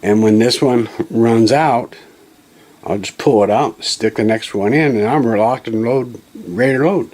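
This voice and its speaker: Regular-pitched guy doing a rambly folksy tutorial at his home bench, keeps correcting himself and apologizing, camera mic. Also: unhurried, a little mellow, a little hiss or hum. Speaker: channel host demonstrating a reloading tool. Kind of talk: casual hands-on tutorial. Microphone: camera mic, handheld then on tripod.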